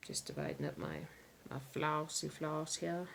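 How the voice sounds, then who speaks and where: A lowish, gravelly woman's voice that swings around a lot as she talks. She chats casually and sleepily while she stitches, half to her viewers and half to herself. Faint noise sits behind her. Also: very animated, a little slow. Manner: chatty, talks to herself, soft muttered asides. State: tired and yawning. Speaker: crafting vlogger.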